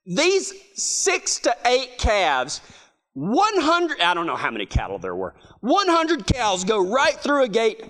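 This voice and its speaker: A middle-aged man with a drawl tells stories in a high, bouncing voice. He laughs through his own tales and restarts his sentences as he goes, an animated, chatty storyteller. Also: slow. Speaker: speaker. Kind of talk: humorous storytelling talk.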